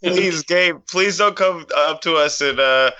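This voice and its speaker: Podcast cohost dude, crude jokey banter, really bright punchy voice. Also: male voice, on the high side, measured pace, lo-fi sound. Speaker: podcast co-host. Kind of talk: casual podcast chat.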